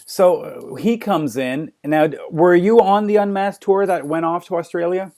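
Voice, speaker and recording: A man's voice: sits high, normal speed, dark tone. A man hosting an interview, asking eager questions with frequent stammered restarts. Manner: enthusiastic fan questions, repeated stammered starts. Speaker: interview host. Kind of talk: casual interview conversation.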